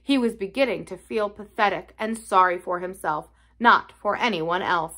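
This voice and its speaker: A woman reading a classic novel aloud for a library, telling it in an expressive storytelling way. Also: mid-range voice, normal speed, hardly any pauses. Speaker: library reader.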